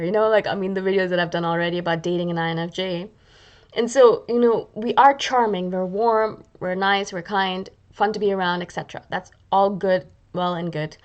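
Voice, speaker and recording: A woman's voice: mid-range voice, brisk, dull audio. A woman hosts her own video channel, chatting casually into the camera in a mid-range voice. She pokes fun at herself as she goes and slips into little acted-out asides. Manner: chatty and self-deprecating, acts out little quoted asides. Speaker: YouTube channel host. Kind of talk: casual talking-to-camera vlog.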